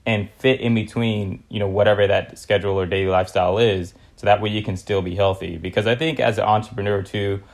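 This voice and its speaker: A man's voice: lowish voice, fairly even intonation, fast talker, hardly any pauses. A young man from California hosting a casual podcast interview, laid-back and slangy with lots of fillers. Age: young adult. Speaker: podcast host.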